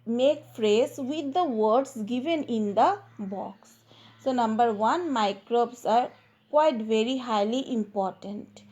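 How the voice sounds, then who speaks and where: A woman teacher giving a grammar lesson, speaking deliberately and stressing the key words as if dictating to students. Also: fairly high pitch, warm tone.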